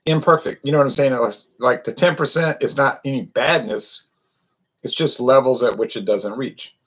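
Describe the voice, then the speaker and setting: A man's voice: mid-range voice, fairly bright tone, low-quality recording. A man from Louisiana giving a casual, rambling beer review to viewers in a wry, self-correcting way. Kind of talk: casual solo livestream chat.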